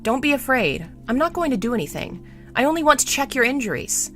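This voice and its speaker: A woman voicing a young, righteous male crown prince during a live book reading, shouting in anger at some moments and soothing gently at others. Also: high-pitched, very animated, fairly quick, soft background music, voice pushed up. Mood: gentle.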